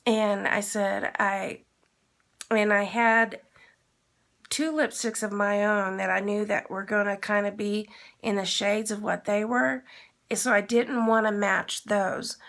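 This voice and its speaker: Gravelly-voiced woman telling a story. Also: medium pitch, fairly even intonation, measured pace, fairly bright tone. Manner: rambling, retells with quoted dialogue. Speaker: vlogger. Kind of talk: casual storytelling.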